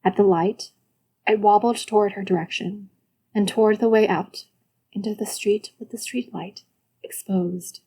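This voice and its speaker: Brief: woman narrator, calm steady storyteller for an audiobook. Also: medium pitch, normal speed, breathy edge.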